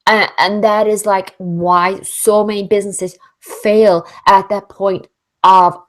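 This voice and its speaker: A British woman talks through a business Q&A webinar in a loose, chatty way. She keeps slipping into little acted-out voices of her own doubts. Her pitch sits in an ordinary middle range. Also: takes it slowly. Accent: British English. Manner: chatty and animated, lots of "like" and acted-out inner voices. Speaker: business coach hosting a Q&A. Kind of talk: casual motivational webinar talk.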